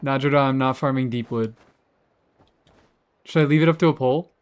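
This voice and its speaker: A sarcastic young man talks to his live chat from a home gaming setup, teasing viewers and swearing freely. His voice is smooth and clear, sitting at an ordinary middle pitch, picked up on a desk mic. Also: normal speed. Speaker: streamer. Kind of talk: casual game stream chat.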